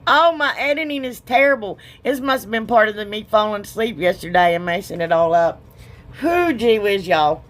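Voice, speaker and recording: A woman's voice: medium pitch, fairly bright tone. A woman, narrating her own craft video in a chatty, giggly, self-deprecating way. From Ohio, US. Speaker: DIY crafter, channel host. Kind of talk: casual crafting voice-over.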